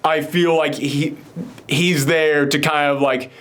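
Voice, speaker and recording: Man, fairly high voice, casual recap chat, rambling, filler-heavy. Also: fairly even intonation, slow, a bit bright. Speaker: podcast co-host.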